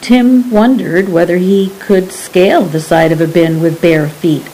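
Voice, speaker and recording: A woman reading a story aloud as narrator, in a measured, deliberate way. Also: fairly low pitch, warm tone, a little hiss or hum, rough recording. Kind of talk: scripted audiobook narration.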